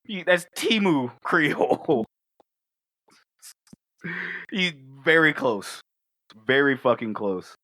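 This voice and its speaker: New guy cussing and laughing through a movie recap, kinda high voice, dry close sound. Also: slow pace, long pauses, no room sound. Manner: profane, animated, laughing, acts out scenes. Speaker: podcast co-host. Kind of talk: casual movie review chat.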